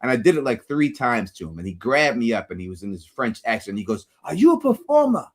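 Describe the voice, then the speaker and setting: Guy hosting the show, lowish voice, rambles through stories and repeats words. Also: fast talker. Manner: storytelling, repeats words while talking. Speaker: host. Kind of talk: casual chat.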